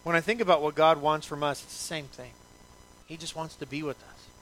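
A man's voice: fairly high pitch, steady tone, a little fast, fairly bright tone. A male pastor preaching a sermon in an emphatic, repetitive way, asking the congregation many rhetorical questions.

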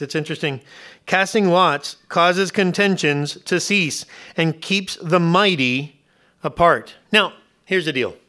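A man's voice: fairly high pitch, sharp tone. A middle-aged man preaching a sermon in a conversational way, asking the audience rhetorical questions and acting out little scenes. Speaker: pastor.

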